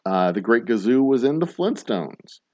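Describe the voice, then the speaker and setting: A man hosting a livestreamed bar trivia night, reading questions slowly and joking casually with some swearing. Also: mid-range voice, very animated, a little mellow, muffled recording, slight background noise. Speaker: trivia host.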